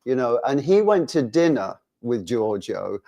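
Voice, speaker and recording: A man in his sixties chats through his stories as an interview guest. He talks at a mid pitch and brings the people in his anecdotes to life. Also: big pitch swings, measured pace, vocal fry, dark tone. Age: 60s. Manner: chatty anecdotal, acts out quotes. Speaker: guest musician. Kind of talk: casual interview storytelling.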